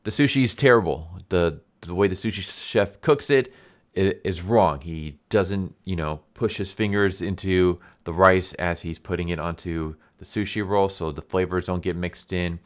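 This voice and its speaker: A man voicing a blunt young woman who scolds a table of diners in an exasperated, lecturing way, using his own low voice. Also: moderate pace, natural voice.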